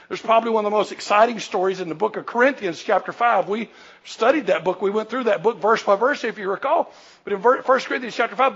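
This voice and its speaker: Emphatic high-voiced preacher. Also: male voice, slightly rough, muffled recording. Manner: emphatic preacher, rising to shouts, acting out quoted voices. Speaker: pastor. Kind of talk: sermon. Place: church sanctuary.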